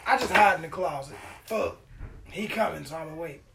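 Animated, profane man with a high voice. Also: moderate pace, gravelly, a little hiss or hum. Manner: profane, animated storytelling with acted-out quotes. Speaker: podcast host. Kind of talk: casual storytelling chat.

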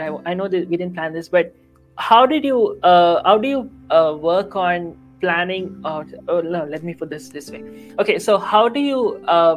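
Rambling interview host. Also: male voice, high voice, low-quality recording. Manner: rambling, searching for words, fillers. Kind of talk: casual interview questions.

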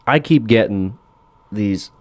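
A man's voice: on the low side, slow pace, darkish tone, dry recording. A man co-hosting a casual podcast chat, sarcastic and profane, mocking what he sees online. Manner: sarcastic, swears a lot, mocks with put-on voices. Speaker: podcast co-host.

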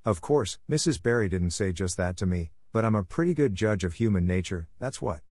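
A man's voice: low-pitched, expressive, fairly quick, darkish tone, dry recording, studio quality. A man voicing a stern, gossipy older village woman who lectures in an emphatic, self-satisfied way. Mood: disapproving.

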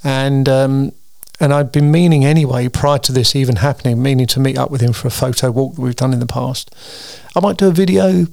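Male host, tired, gravelly voice, dry close sound, loose rambling monologue. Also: mid-range voice, a little fast, few pauses, a little mellow, no room sound. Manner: chatty, meandering, with frequent ums and restarts. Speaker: host of a weekly solo show.

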